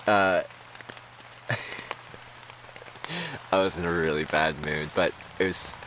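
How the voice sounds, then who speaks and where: A man's voice: very deep voice, steady tone, slow pace, noisy background. A man streaming, telling a story to his chat in a rambling, casual way with lots of fillers and laughs.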